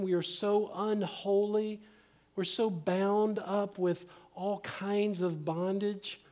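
High-voiced middle-aged pastor preaching. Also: male voice. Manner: earnest, emphatic preaching that often drops to a hushed, slow delivery. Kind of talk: sermon.

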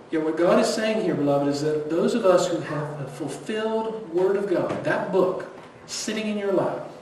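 High-voiced preacher in an echoey hall. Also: male voice. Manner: earnest preaching, swings between loud emphasis and hushed near-whispers. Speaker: pastor. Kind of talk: sermon. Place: church sanctuary. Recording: echoey hall, distant mic, faint noise.

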